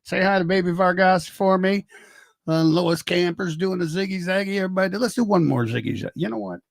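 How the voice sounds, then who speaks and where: A man's voice: high-pitched, brisk, creaky, no echo. An older man hosting a casual livestream, rambling, joking and greeting viewers by name. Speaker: livestream host.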